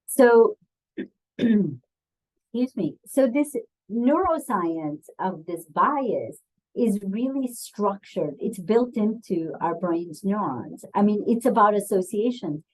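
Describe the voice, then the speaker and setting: A woman's voice: mid-range voice, animated, takes it slowly, poor audio. A woman presenting a webinar on bias, talking in a conversational way with frequent ums and putting questions to her audience. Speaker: diversity and bias trainer.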